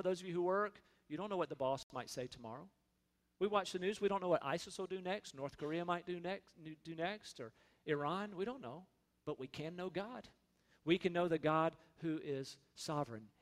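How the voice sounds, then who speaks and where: A man's voice: fairly high pitch, in a large hall. A man preaching a sermon in an earnest, conversational way, speaking his prayers aloud. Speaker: pastor.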